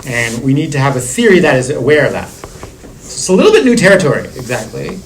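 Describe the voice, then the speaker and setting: A middle-aged university lecturer talks through theory in a classroom seminar, speaking fast with a medium-pitched voice and big pitch swings. He's discursive, circling back with many restarts and "like" fillers, and the rough recording has a little hiss or hum.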